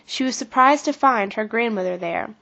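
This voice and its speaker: A woman reads a children's devotional story in a gentle, instructive way. Her voice sits somewhat high, and the recording sounds dull and muffled. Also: normal speed, gravelly. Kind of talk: scripted children's devotional reading.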